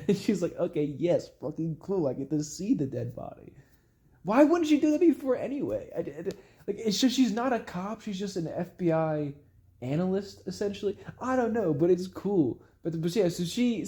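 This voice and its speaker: A young vlogger recaps a TV episode, rambling casually, swearing a lot and laughing at the funny bits. His voice is on the high side with a dark tone.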